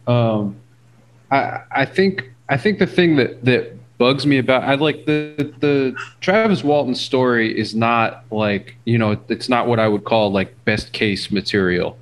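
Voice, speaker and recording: A man of middling pitch cutting into a podcast conversation. He speaks hesitantly, stopping and restarting his sentences as he searches for words. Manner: hesitant, halting, many restarts. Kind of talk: casual podcast discussion.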